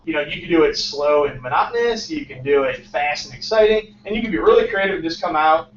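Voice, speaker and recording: A young man with a high, bright-pitched voice gives an energetic, casual motivational talk as a startup founder. He keeps checking in with the audience by tagging his points with "right?". He is picked up from across an echoey lecture room, and the sound is muffled, with a faint hiss underneath. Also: fast talker, distant mic. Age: 20s. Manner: energetic, peppers lines with "right?".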